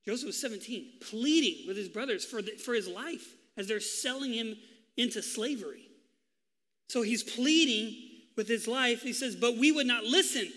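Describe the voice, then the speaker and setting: A man preaching a sermon as pastor, telling the story with lively, acted-out quotes. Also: very high voice, big-room sound. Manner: animated storytelling, acting out voices in quotes.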